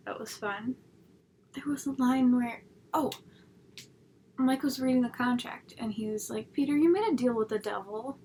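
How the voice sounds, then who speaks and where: A woman's voice: a little high, darkish tone, slight background noise. A young woman reviewing a TV episode from home at her laptop, chatty and rambling, swearing freely. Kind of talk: casual spoken review.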